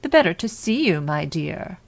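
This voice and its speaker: Sly hungry wolf done by a woman reading a storybook, loud and drawn out, kinda low. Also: big pitch swings, normal speed, vocal fry, no room sound, exaggerated voice. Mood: menacing. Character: big wicked male wolf, sly and hungry.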